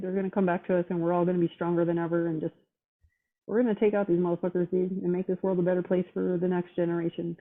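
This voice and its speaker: A woman in casual chat, talking bluntly and with heavy profanity, fired up and determined. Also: lowish voice. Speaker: roundtable guest. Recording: tinny phone-line audio.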